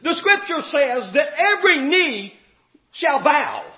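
A man preaching a sermon, impassioned and shouting at times, drawing out emphatic phrases. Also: very high-pitched, big pitch swings, takes it slowly. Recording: echoey, dull hall recording.

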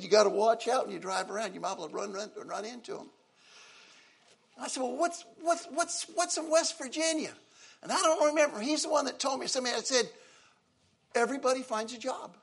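Older guy preaching, high husky voice, gets loud then goes real quiet. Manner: emotional, swings from loud exclaiming to soft near-whispers. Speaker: pastor. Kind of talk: sermon.

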